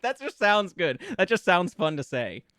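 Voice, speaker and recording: A man's voice: high-pitched, very animated, normal speed, pushed and bright, a little hiss or hum. A man streaming as a VTuber, chatting casually with his viewers, giggling often and stammering through restarts as he brainstorms song lyrics. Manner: giggly, playful, riffs with chat on lyrics. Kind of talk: casual live-stream chat.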